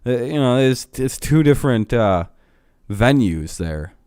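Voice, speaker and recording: A man's voice: medium pitch, expressive, unhurried, a little mellow, clear, resonant tone, no echo, studio quality. A young man ranting casually to his live-stream chat, swearing a lot, laughing often and getting heated.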